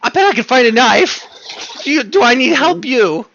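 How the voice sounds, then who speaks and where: A player voicing a fanatical little imp who chants high, slow praises, on a dull, hissy mic. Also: animated, fairly bright tone, heavily acted. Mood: eager. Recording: dull lo-fi mic with clear hiss.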